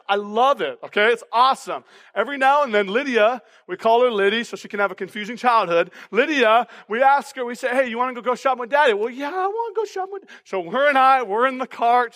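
High, bright-voiced pastor preaching. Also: male voice, long reverb tail. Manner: energetic, keeps tagging lines with "okay?" and "all right?". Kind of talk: sermon. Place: church auditorium.

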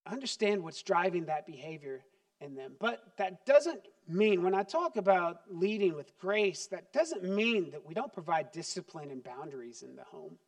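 High-voiced animated male preacher. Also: normal speed. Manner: animated, acts out parent and child voices. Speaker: pastor. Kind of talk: sermon.

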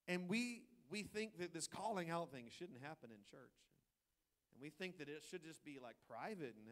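A man preaching a sermon as pastor, swinging from quiet asides to loud emphatic stretches and acting out people's thoughts in playful quoted voices. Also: on the high side, very animated, moderate pace.

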